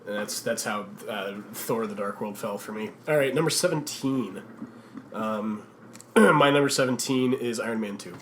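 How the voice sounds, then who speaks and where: A fairly bright male voice on the low side speaks at a moderate pace, with slight background noise in a roomy, echoey recording. He's a podcast co-host in casual chat, rambling and searching for his words.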